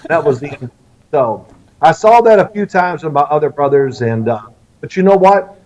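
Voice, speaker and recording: A middle-aged man from Kentucky, an interview guest telling lively family stories and acting out the lines of the people in them. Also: a little high, moderate pace. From Louisville, Kentucky, US. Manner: animated storyteller who acts out quoted lines. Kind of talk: storytelling interview. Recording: slightly distant, dull lo-fi sound.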